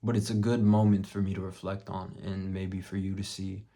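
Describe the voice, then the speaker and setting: A young man vlogging, telling a story bluntly with plenty of swearing and dropping to a hush for his own thoughts. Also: deep voice, flat delivery, normal speed. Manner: profane, blunt, drops to a muttered hush for quoted thoughts. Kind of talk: casual storytelling vlog.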